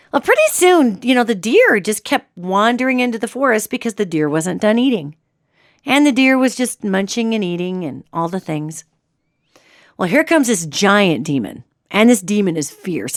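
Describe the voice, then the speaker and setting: A middle-aged woman hosting a radio show, telling a story in a chatty, animated way with restarts. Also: medium pitch, no echo, studio quality. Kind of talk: casual storytelling monologue.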